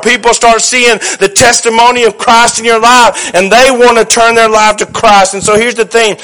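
A man preaches in a folksy, joking way, and he leans hard on his points. His voice sits high for a man and rings bright and forceful. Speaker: pastor. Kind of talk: sermon.

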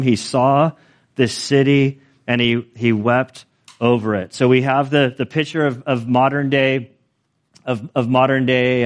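A man preaching to his congregation in an easygoing, conversational manner. He drifts into self-deprecating asides as he explains a scripture passage. His voice sits at a medium pitch. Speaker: pastor. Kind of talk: sermon.

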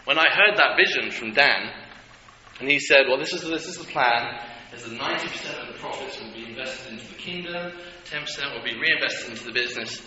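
A man preaching a sermon, animated and humorous, with asides to the congregation. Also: mid-range voice, a little fast. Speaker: pastor. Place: church hall. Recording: echoey hall with dull lo-fi sound and clear noise.

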